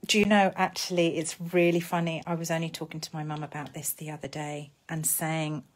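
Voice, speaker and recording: A woman's voice: low-pitched, little pitch movement, fairly quick. A woman with an English accent chatting casually while she makes a craft live, talking to herself as she works. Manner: chatty, talks to herself while working, drops to soft murmurs. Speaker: papercraft host.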